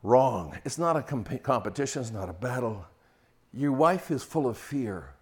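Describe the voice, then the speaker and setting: An older man preaching a sermon on marriage, swinging from loud mocking quotes to hushed, intimate storytelling. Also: medium pitch, lively intonation, normal speed. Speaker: pastor.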